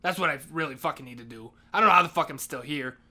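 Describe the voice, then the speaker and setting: A man's voice: on the high side, quick pace, bright, forceful tone. A man playing a school janitor, ranting in a crude, profane comic monologue. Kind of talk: comedic monologue.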